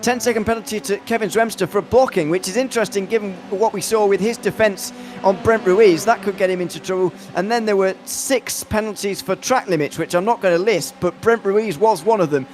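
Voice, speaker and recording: High-voiced man calling a sim race. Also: fairly quick, faint music behind. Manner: chatty, self-deprecating asides. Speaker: lead race commentator. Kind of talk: sim racing commentary.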